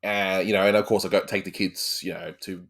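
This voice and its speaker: A man in his thirties, a father, chatting casually as a podcast guest, halting and repeating words with frequent laughs. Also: low voice, flat delivery, a bit bright.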